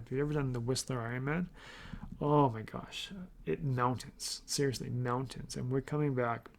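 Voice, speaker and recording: A middle-aged man talks earnestly on his podcast, rambling a little and restarting his sentences. His voice has a gravelly edge and sits at an ordinary pitch. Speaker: podcast host. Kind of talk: casual motivational podcast talk.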